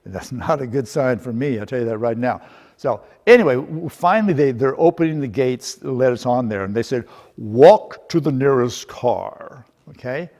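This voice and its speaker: A man's voice: mid-range voice, expressive, fairly quick, darkish tone, long reverb tail. A middle-aged man presenting a workshop, telling a humorous story with rhetorical questions in a lecture style. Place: seminar room.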